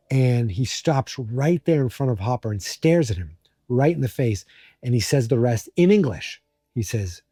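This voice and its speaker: A man's voice: medium pitch, normal speed, warm tone, no echo, studio quality. A man hosting a podcast, recapping an episode in a rambling, joking way with many fillers. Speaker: podcast host.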